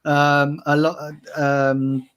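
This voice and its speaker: Guy on a stream, heartfelt but stumbling, slightly high voice. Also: monotone, very slow, fairly bright tone, smooth. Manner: hesitant, many restarts, heartfelt. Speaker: regular on fan channel stream. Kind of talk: casual tribute chat.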